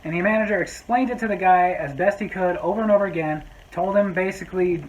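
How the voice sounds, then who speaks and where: A man's voice: high voice, quick pace, hardly any pauses, a little hiss or hum, rough recording. A man telling a story from his restaurant job in a vlog, with sarcastic, exasperated asides. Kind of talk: storytime monologue.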